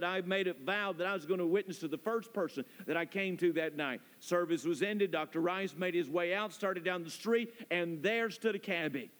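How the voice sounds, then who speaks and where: A man preaching a sermon as pastor, building emphasis through repetition. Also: sits high. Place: church sanctuary. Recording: long reverb of a church hall.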